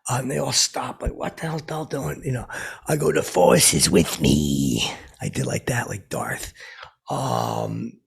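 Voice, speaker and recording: A man's voice: mid-range voice, lively intonation, a little slow, heavily acted. A man playing an oblivious, boastful washed-up male radio DJ who tells a rambling comic story, stammering and repeating himself. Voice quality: gravelly, extremely raspy. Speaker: comedy podcast host playing a character.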